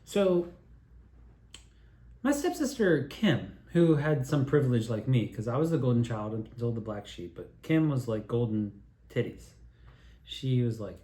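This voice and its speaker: A man telling rambling childhood stories in a profane, digressive, animated way while sipping beer. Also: medium pitch, unhurried, reverberant. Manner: drinking beer while talking. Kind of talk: rambling personal storytelling monologue.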